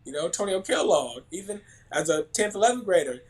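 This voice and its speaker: A man, a former basketball player telling animated stories in a casual chat. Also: high-pitched, fairly quick, low-quality recording. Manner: animated storyteller, laughs often, acts out quotes.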